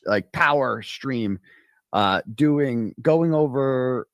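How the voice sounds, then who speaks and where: Male stream host, mid-pitched voice, dry close sound, crude rambling mockery. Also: animated, very slow, no room sound. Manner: crude, profane and mocking, rambling with many restarts. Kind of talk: casual live-stream commentary.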